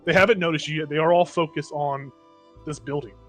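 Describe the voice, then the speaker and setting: A man running a tabletop game as game master, in a casual, rambling style with plenty of fillers. His voice sits fairly high, with soft music underneath. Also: steady tone, fairly quick.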